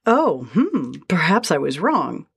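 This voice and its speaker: A woman's voice: lowish voice, big pitch swings, slow, creaky, husky, dry recording, studio quality, full character voice. A woman voicing a tiny, mischievous male sprite who teases and taunts. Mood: sly teasing. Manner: teasing, playful taunts.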